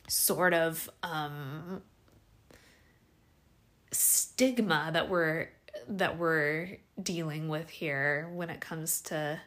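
Young woman podcaster, loose rambling chat, slightly low voice, lots of "like" and restarts. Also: slow. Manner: rambling, animated, frequent fillers and restarts. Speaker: podcast host.

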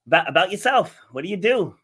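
A man's voice: sits high, big pitch swings, quick pace, a bit bright, breathy edge. A man hosting an interview, asking short questions and steering the conversation. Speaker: host.

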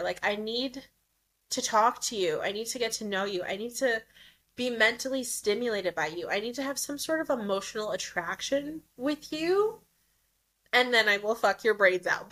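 A woman's voice: on the high side, sharp tone. A young woman hosting a podcast, talking candidly in a blunt, profane, emphatic way and laughing often. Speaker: podcast host. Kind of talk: candid casual monologue.

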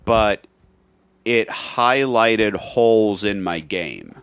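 A man with a lowish, slightly bright, clean-toned voice speaks expressively, drawing out his words, with no room sound. As co-host of a casual comedy podcast, he spins a rambling story, restarting and acting out what people said in casual chat.

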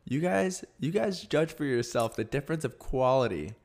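A man's voice: mid-range voice, animated, normal speed, gravelly, a little mellow. A young man co-hosting a podcast in casual chat, teasing his partner and restarting his sentences often. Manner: teasing, joking, hesitant restarts. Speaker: podcast co-host.

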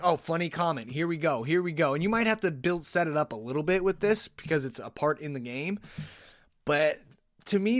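A man hosting a podcast, telling rambling, animated stories and often cutting himself off. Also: on the high side, no room sound, clean studio sound. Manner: rambling, animated, self-interrupting. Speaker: podcast host. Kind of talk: casual solo podcast storytelling. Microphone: podcast microphone.

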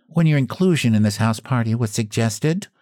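A haughty talking cat, cool and utterly unbothered, as a male reader puts him on. He speaks in an even, deadpan tone with cold precision. The sound is dry and close. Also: medium pitch, normal speed, dry recording, lightly acted. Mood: cool, indifferent. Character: cool aloof talking tomcat, coldly indifferent.

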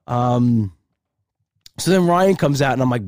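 A man's voice: medium pitch, animated, unhurried, darkish tone, no room sound, studio quality. A male comedian telling a story casually and chattily, acting out both sides with repeated "I said".

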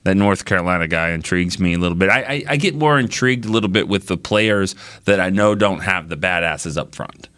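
Deep-voiced man in sports talk. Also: a little fast, few pauses, fairly bright tone, dry recording. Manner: thinks aloud with many restarts. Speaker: podcast panelist.

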